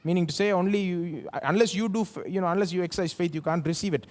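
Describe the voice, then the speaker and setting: Man, indian english accent, pastor, live church sermon, fairly high voice, rhetorical questions. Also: quick pace. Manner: rhetorical questions, animated swings between loud and soft.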